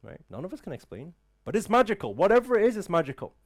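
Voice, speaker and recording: This motivational speaker talks fast in a high-pitched voice with big swings in pitch. Addressing a live audience in an event room, he fires off rhetorical questions and keeps tossing in "right?"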